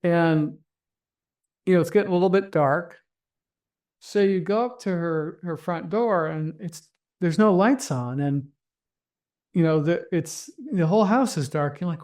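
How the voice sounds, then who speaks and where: A therapist who teaches trauma recovery guides a group through an imagined scene while explaining stories and the nervous system, talking conversationally with many restarts and acted-out inner thoughts. His voice is high and a little mellow, his pace measured, with frequent pauses.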